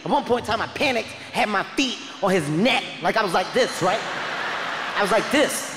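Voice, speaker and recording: High-voiced man shouting a comic story. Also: moderate pace. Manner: loud, shouting, profane and animated. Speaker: comedian. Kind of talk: stand-up storytelling. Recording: echoey hall reverb, faint noise.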